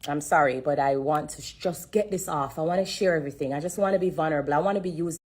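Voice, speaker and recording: A woman's voice: sits low, fast, darkish tone, slightly rough. A woman giving an earnest, emotional testimony on a phone live stream, repeating herself and holding back tears. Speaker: livestreamer sharing a testimony. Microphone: phone on a social-media live.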